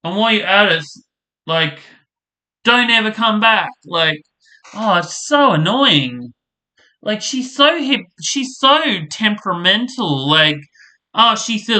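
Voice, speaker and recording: A man's voice: sits high, expressive, moderate pace, sharp tone. A man casually ranting as he reviews a soap opera, rambling, exasperated and swearing freely.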